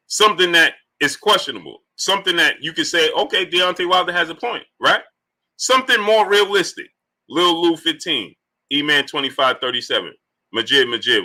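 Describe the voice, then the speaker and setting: A man hosting a live stream, his voice bright and sharp and pitched a little high. He talks in animated bursts and keeps breaking off to greet chat viewers by name. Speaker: livestream host.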